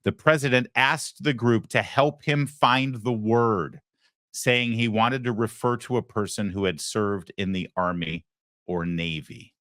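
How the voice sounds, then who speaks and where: A man's voice: fairly low pitch, a little slow, a bit bright, no room sound, clean studio sound. A man hosting a talk show, giving emphatic opinionated commentary and asking rhetorical questions. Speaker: host.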